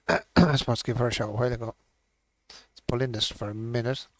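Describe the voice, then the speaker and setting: A man's voice: mid-range voice, steady tone, fairly quick. Man chatting on a game stream. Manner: chatty, swears casually, laughs often. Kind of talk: casual gaming stream chat.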